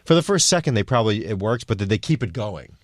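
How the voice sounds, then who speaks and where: A man's voice: on the low side, sing-song, quick pace, dry recording. A man co-hosting a podcast in casual chat, joking and teasing his partner. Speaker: podcast co-host.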